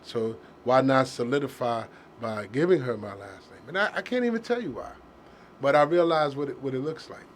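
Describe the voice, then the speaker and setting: A man's voice: medium pitch, expressive, moderate pace, a little hiss or hum. A middle-aged man hosting a heartfelt casual conversation, earnest and sentimental, often restarting his sentences.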